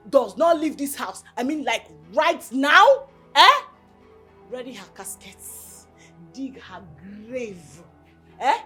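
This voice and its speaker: A woman playing a spiteful scheming Nigerian woman. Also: fairly high pitch. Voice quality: sharp, commanding and cutting. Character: spiteful scheming woman, hostile to her stepdaughter.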